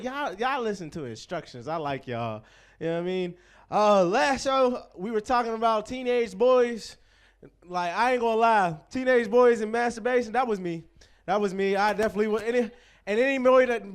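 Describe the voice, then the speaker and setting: A man's voice: sits high, clear, resonant tone. A man in his twenties from Pittsburgh hosting a stand-up comedy show, talking loose and profane and teasing the crowd. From Pittsburgh, USA. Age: 20s.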